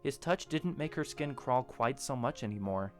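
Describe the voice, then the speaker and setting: Man narrating a story over soft music. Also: mid-range voice, expressive, moderate pace. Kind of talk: audiobook narration of a fan story.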